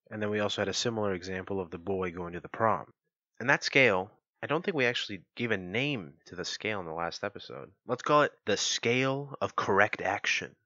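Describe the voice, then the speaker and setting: A man's voice: sits low, bright, forceful tone, dry recording, muffled recording. A man hosting a podcast, explaining a philosophy idea in a lecturing way and working through examples step by step. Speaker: podcast host.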